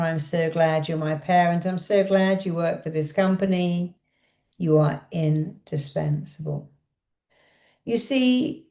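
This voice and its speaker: A woman's voice: on the low side, mellow, roomy sound. A woman leading a guided affirmation exercise as a self-help coach, giving emphatic, repetitive, coaxing instructions.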